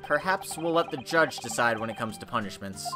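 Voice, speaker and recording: A man voicing a cold, aristocratic British prosecutor in a low, slow, condescending voice, over game music. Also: animated, lightly acted. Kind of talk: game playthrough voice acting.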